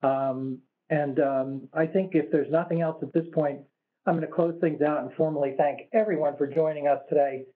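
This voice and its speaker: Slightly hoarse man on a tinny line. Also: a little high, fairly even intonation. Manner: measured, careful, many fillers and restarts. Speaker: webinar presenter. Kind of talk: answering audience questions in a webinar.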